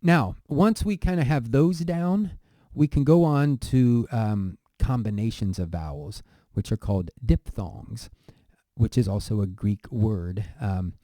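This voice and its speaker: Man, very dark mellow voice, slow hesitant lesson, dry close recording. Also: fairly low pitch, no echo. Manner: slow, hesitant, with fillers and self-corrections. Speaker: language teacher. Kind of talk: lesson on pronunciation.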